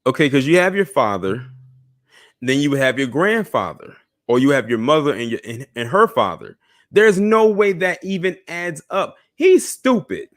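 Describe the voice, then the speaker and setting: A man's voice: medium pitch, normal speed. A young man hosting a casual news commentary show, talking straight to his viewers with scoffing asides. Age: young adult. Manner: animated, talks to viewers directly, scoffing asides.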